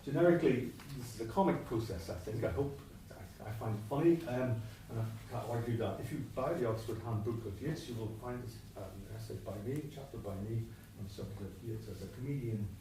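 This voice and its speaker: A man's voice: medium pitch, a little fast, mellow, slight background noise. Man lecturing in an echoey church. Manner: discursive, self-interrupting, with asides. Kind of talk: academic lecture on poetry. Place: church hall. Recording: distant mic, echoey church hall.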